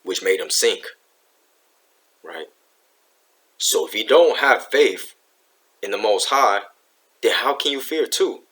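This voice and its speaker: A man with a fairly low voice giving a laid-back Bible lesson. He talks in easy slang and keeps checking in with "right?". When he reads scripture he sinks lower and slower. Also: expressive, a bit bright. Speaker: Bible teacher. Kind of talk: casual Bible teaching.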